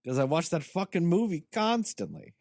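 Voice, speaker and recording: A man's voice: fairly high pitch, normal speed, dry recording, clean studio sound. A man co-hosting a podcast, ranting about a film in casual chat, sarcastic and full of swearing. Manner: animated, profane, sarcastic. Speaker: podcast co-host. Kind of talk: casual movie review chat.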